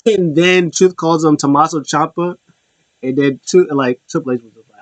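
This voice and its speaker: A man's voice: a little high, moderate pace, no room sound. A man casually recapping a wrestling show, rambling with restarts and small chuckles.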